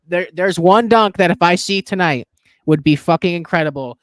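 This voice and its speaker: Animated and rambling, this young man co-hosts a sports betting show and swears heavily in casual chat. His voice sits high at a normal speed, and the studio-quality recording has no room sound.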